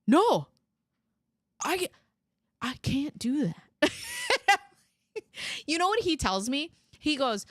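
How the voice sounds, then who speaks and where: A woman hosting a casual chat show, telling animated stories, mimicking people in high, raised voices and swearing freely. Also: unhurried, pauses often, no echo, studio quality. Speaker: host.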